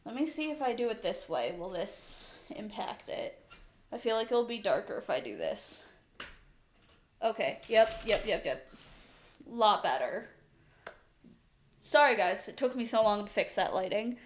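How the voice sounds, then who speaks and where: Woman livestreamer, slightly high-pitched, animated and exasperated storyteller, roomy home echo. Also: unhurried, long pauses. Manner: chatty, exasperated, animated retelling. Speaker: streamer. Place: home room with a couch. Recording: echoey room.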